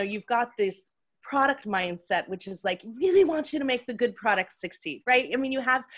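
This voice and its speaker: A slightly hoarse woman hosting a casual conversation, talking with enthusiasm and laughing often. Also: medium pitch, a bit bright. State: a bit hoarse. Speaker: host.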